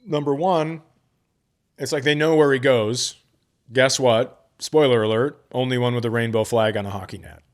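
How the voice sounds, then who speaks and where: Profane storytelling man, even pitch. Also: moderate pace. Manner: profane, acts out both sides of conversations. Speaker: comedian podcast host. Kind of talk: casual storytelling chat.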